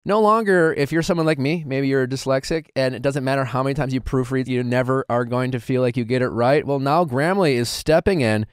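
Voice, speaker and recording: A man's voice: medium pitch, a little fast, hardly any pauses, clear, resonant tone, no echo. A man hosting a podcast, reading ads and bantering with his co-hosts in a dry studio. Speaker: podcast host. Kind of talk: casual chat with ad reads.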